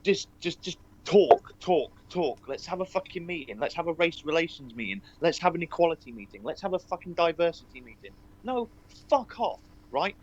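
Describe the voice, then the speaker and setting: A man's voice: on the high side, sing-song, moderate pace, a little mellow. An angry man calling in to a live stream, ranting with heavy swearing. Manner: angry, profane, rising to outbursts. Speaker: caller. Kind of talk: angry call-in rant. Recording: dull call audio with faint noise.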